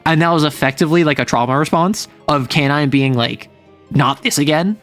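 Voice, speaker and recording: A man's voice: on the high side, fairly quick, fairly bright tone, clean tone, faint music behind. A man streaming from home, casually retelling his tabletop game session in a rambling way full of fillers and self-corrections.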